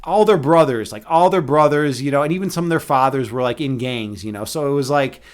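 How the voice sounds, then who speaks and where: A man in his thirties chats casually with viewers on a live stream, rambling through animated, profane stories and laughing at his own jokes. His voice is medium in pitch and brisk. He restarts often and uses many fillers while telling his stories with animation.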